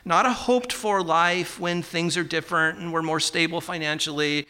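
Bright-voiced male preacher, conversational. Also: a little high, fairly even intonation, normal speed, clear, resonant tone. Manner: conversational, with asides and tag questions. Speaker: pastor. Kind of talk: sermon.

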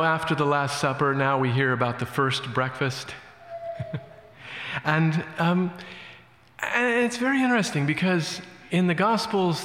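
A man preaching a sermon as a pastor, telling a story in a relaxed, conversational way with many fillers. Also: a little high. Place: church. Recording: echoey church hall.

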